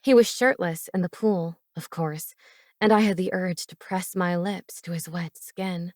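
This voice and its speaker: A woman with a fairly low voice narrates a first-person romance audiobook. Her delivery is intimate and even, and the recording is dry and close. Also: normal speed, no room sound.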